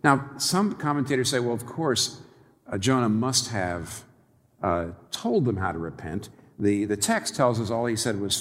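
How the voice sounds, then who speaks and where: A male preacher delivers a sermon with a lively, swooping voice that rises and drops sharply for emphasis. He is wry and animated, chuckling at the ironies he points out. His voice rings with a long reverb, as in a large church hall. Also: mid-range voice, a little slow. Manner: animated, wry, laughing at his own irony.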